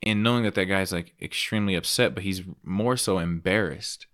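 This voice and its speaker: A man with a very deep voice co-hosts a podcast in casual chat. He asks dry, probing questions in an even, questioning way. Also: brisk. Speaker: podcast co-host.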